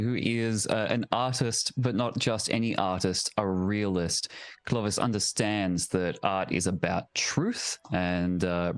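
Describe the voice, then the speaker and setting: A man's voice: low-pitched, no echo. A man, a player in a tabletop game, introducing his character with wry, dry humor. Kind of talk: casual chat.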